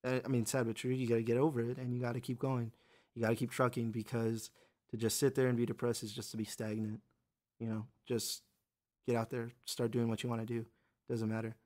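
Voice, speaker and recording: A man's voice: mid-range voice, level tone, brisk, darkish tone. Profane rambling male podcast host. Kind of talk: casual podcast chat.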